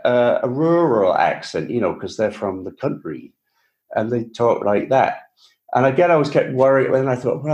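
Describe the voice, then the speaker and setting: A man's voice: mid-range voice, darkish tone. A man with a Received Pronunciation English accent, a guest author telling his story in a chatty, self-deprecating way during a casual interview. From England.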